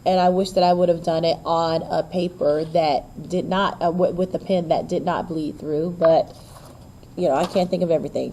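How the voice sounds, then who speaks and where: A woman's voice: lowish voice, a little mellow, slight background noise. A woman teacher giving a poetry lesson, chatting to her class with self-deprecating asides and drawing out syllables to show the stress. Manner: stretches out and stresses syllables to demonstrate rhythm. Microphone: recorded on a camera while writing on paper.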